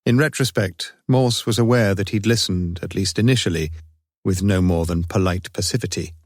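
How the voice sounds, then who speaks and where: A man reading a crime story aloud in measured, even storytelling narration. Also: low-pitched, dry recording, clean studio sound. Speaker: audiobook narrator. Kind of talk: scripted narration.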